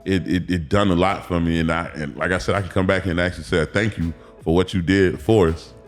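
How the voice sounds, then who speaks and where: Animated storytelling man, low voice. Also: brisk, faint music behind. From Miami, Florida. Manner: animated storytelling, acts out quotes, profane. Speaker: guest, former football player. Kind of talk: casual podcast interview.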